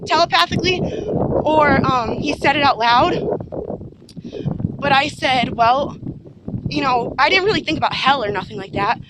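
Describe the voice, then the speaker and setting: Woman, high voice, rambling personal account, insistent, lots of restarts. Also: lively intonation, normal speed, pauses often, very noisy. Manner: rambling, repetitive, with many fillers and restarts; earnest and insistent. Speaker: person giving a personal testimony.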